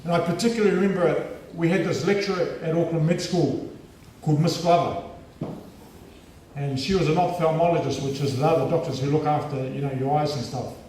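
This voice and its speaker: A man with a New Zealand accent giving a lively, humorous storytelling speech as a guest speaker at a school assembly. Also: on the high side, fairly quick, a little hiss or hum. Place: large school hall. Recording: echoey hall from far off.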